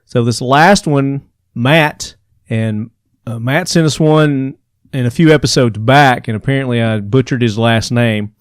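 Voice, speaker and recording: A man's voice: mid-range voice, a little slow, clear, resonant tone, dry recording, studio quality. A man hosting a podcast, reading news aloud and mocking it with exasperated asides and laughs. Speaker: podcast host. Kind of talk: casual commentary reading news.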